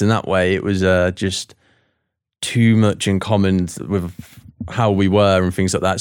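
A young British man is a guest on a podcast, answering in a relaxed, hesitant way with plenty of fillers. His voice is very low, and it is recorded dry and close. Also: dry recording. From United Kingdom. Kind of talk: interview answers.

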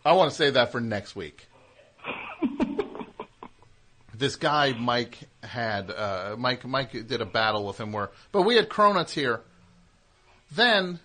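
A man's voice: mid-range voice, big pitch swings, slow, long pauses, sharp tone. A man hosting a comedy call-in radio show, teasing callers and riffing in long rambling runs.

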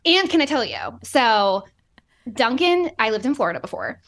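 A woman's voice: fairly high pitch, very animated, moderate pace, fairly bright tone. A young woman from Boston, a dietitian guest, chatting in an upbeat way and giving advice with lots of "like.". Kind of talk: casual chat.

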